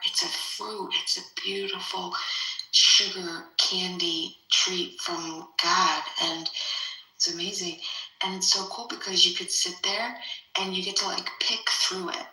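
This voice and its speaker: A woman's voice: on the low side, steady tone, measured pace, sharp tone. A woman chatting casually on a podcast, gushing and enthusiastic. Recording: echoey room.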